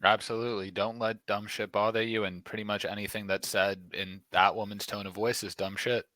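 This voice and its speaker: A man chatting as a podcast guest, blunt and emphatic. His voice is very sharp and tense, pitched a little low, and sits dry and close to the mic. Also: level tone, a little fast, dry recording. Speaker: podcast co-host. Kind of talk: casual podcast chat.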